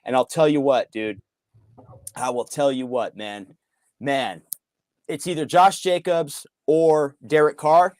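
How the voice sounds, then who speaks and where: A man talking in an excited, casual way as a sports fan co-host, loud and hyped, swearing and swinging his voice up and down. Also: mid-range voice, slow, no echo.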